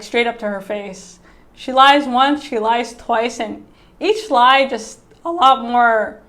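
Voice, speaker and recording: A woman giving a casual TV episode recap, chatty, peppering her talk with "like" and "right?", acting out characters' lines in her own voice. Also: on the high side. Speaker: TV reviewer.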